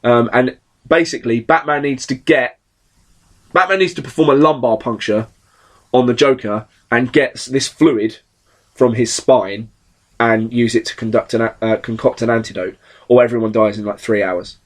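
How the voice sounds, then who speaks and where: A man hosting a podcast, chatting casually about comic books, animated and swearing often as he acts out characters' lines. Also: medium pitch, moderate pace. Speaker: podcast host. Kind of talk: casual comic book chat.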